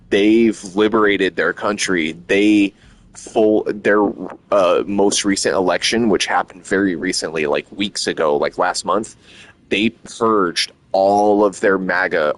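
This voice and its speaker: Man, very low voice, casual streamer chat, profane, rambling, excitable.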